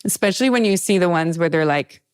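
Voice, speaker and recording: A woman hosting a podcast in casual chat, talkative and laughing often with quick asides. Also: fairly low pitch, animated, a little mellow, a little hiss or hum. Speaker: podcast host.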